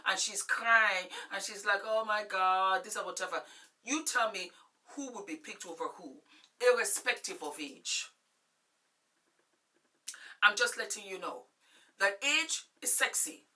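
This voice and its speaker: A woman's voice: medium pitch, lively intonation, unhurried, long pauses, pushed and bright. A woman in her forties giving frank, emphatic relationship advice straight to camera as a vlogger, sounding a little distant from the mic. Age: 40s. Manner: emphatic, blunt, preachy.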